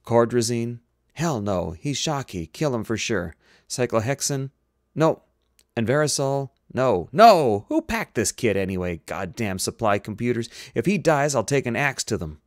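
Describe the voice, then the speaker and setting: A man voicing a gruff, harried male ship's doctor who curses in exasperation. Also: mid-range voice, animated, normal speed, dry recording, clean studio sound, natural voice. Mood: frantic. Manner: cursing, exasperated.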